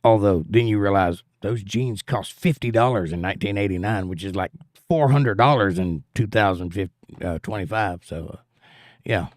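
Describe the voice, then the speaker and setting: A lowish-voiced man from Georgia speaks at a moderate pace while hosting a livestream, reading chat comments aloud and telling jokey, folksy stories in casual conversation. The recording is dry and cleanly studio-produced.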